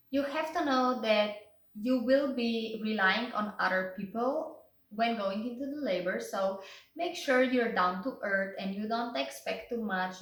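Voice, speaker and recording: A woman's voice: mid-range voice, fairly bright tone, recorded from a distance. A young woman vlogger telling her story in casual chat, saying "like" often. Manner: chatty, says "like" often. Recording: roomy echo, away from the mic.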